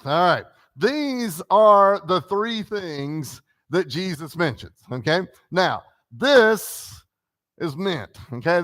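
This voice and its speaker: Man teaching a Bible class, slightly high voice. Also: a bit bright. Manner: informal, quizzes the class with tag questions like "right?" and "okay?". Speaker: preacher leading a Bible class. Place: church classroom.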